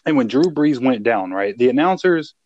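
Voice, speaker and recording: A young man co-hosting a podcast, an excitable storyteller who laughs and swears a lot in casual chat. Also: mid-range voice, moderate pace, no room sound, muffled recording. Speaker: podcast co-host.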